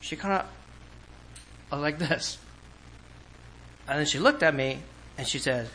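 A man from California, a pastor, preaching a sermon and telling personal stories in an animated way, often laughing. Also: a little high, unhurried, pauses often, a little hiss or hum, low-quality recording. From Orange County, California.

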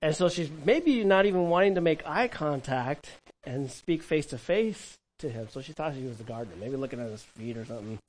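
A man preaching a sermon as pastor, animated, moving between hushed and loud passages and asking the congregation questions. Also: fairly high pitch, brisk, hardly any pauses, low-quality recording.

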